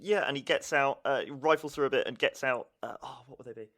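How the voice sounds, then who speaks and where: A man's voice: mid-range voice, fast, vocal fry, fairly bright tone. A man playing a tabletop role-playing game, describing his actions in a hesitant, stammering way. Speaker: player. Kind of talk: casual tabletop role-play.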